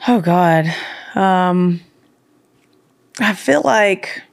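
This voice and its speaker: A woman from the southern United States, a comedian, chatting in an interview in an animated way, laughing and slipping into voices. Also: fairly low pitch, very slow, creaky. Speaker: comedian guest. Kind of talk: casual interview chat. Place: studio or home recording room in Nashville.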